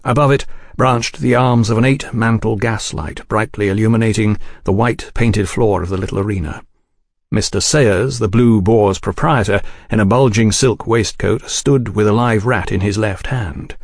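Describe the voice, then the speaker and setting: A man reading a novel aloud in a measured, even audiobook narration. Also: fairly low pitch, no room sound, clean studio sound.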